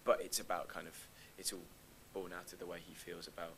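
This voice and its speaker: Young man, very low voice, rapid hesitant talk with frequent restarts, stage Q&A guest. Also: flat delivery, vocal fry, a bit bright, a little hiss or hum, poor audio. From London. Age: young adult. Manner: hesitant, restarts often, laughs lightly. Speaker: actor guest. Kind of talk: live Q&A conversation. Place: live stage event.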